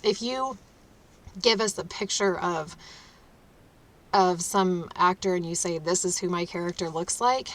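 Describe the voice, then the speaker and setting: Woman narrator teaching authors, slow and emphatic, laughs a bit. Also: on the low side, fairly bright tone. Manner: emphatic, instructive, breaks into short laughs. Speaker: audiobook narrator and trainer. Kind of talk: instructional talk to authors.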